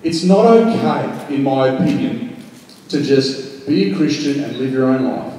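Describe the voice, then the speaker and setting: A man's voice: medium pitch, unhurried, a little hiss or hum. Preaching man in an echoey hall. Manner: animated, acts out voices in quotes, frequent "um". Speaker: pastor. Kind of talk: sermon. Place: large church hall. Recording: echoey church hall from far off.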